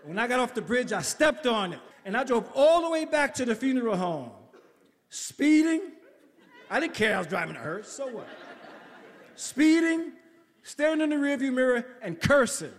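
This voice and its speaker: A man from the Bronx telling a story on stage, animated and acting out his quotes with swearing and laughter. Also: extremely high pitch, fast, hardly any pauses. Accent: New York. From the Bronx, New York. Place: stage in a large theater. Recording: long reverb of a live hall.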